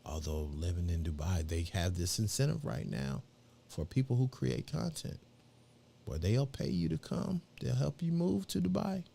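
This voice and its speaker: A man's voice: lowish voice, lively intonation, normal speed, vocal fry, dark tone, slight background noise. A middle-aged man hosting a live show, chatting in a rambling, slangy way with lots of fillers. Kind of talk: casual livestream chat.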